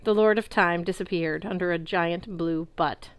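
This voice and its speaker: A woman reading a novel aloud in a lively way, belting out the characters' shouts. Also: lowish voice, moderate pace, clean tone, no room sound. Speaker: audiobook reader.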